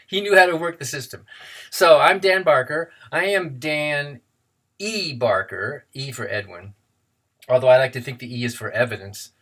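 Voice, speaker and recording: A man's voice: medium pitch, normal speed, fairly bright tone. A man telling a joke and then introducing himself in a chatty, playful way from his office. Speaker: co-president of a freethought organization. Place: his office, blinds closed.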